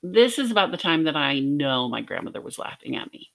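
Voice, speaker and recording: A woman's voice: low-pitched, big pitch swings, a little fast, creaky, a bit bright. A middle-aged woman from Arkansas teaching a devotional lesson, telling a personal story in an earnest way with light laughs. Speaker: podcast teacher.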